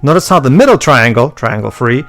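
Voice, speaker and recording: A man in a middle pitch hosts a game let's play. He talks casually and trips over his words, restarting often as he explains puzzles. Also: sing-song, fairly bright tone. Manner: halting, lots of restarts and stammers. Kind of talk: game commentary.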